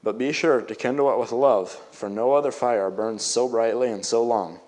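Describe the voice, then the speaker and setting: A man voicing a kind grown-up cousin in a read-aloud story, speaking with quiet, gentle counsel. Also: mid-range voice, normal speed, close to an everyday voice. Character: kindly grown cousin, calm and wise.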